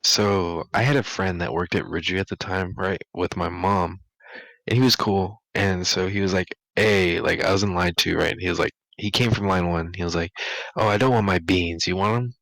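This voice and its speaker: A young man with a fairly low voice tells his school stories in a loose, rambling way, stacking up "like" and laughing as he goes. The sound is dry and close, with no room in it. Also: fairly even intonation, moderate pace, vocal fry, a bit bright, dry recording, low-quality recording. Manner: rambling, laughing, full of "like" fillers. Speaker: podcast co-host. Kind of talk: casual storytelling chat.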